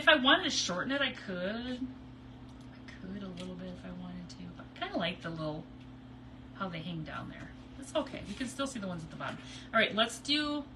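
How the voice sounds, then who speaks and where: A woman's voice: lowish voice, far from the mic. Woman host, rambling crafting chatter, giggly, mic set back in a noisy room. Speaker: crafter hosting a live stream. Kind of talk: casual chat while crafting.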